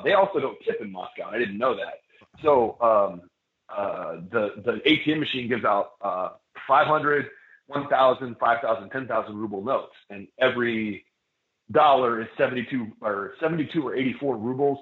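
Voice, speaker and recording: A man on a casual podcast telling a laid-back story, wandering through fillers and restarts. His voice sits at a middle pitch. It sounds echoey and squeezed thin, as if coming over a phone line. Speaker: professional wrestler guest.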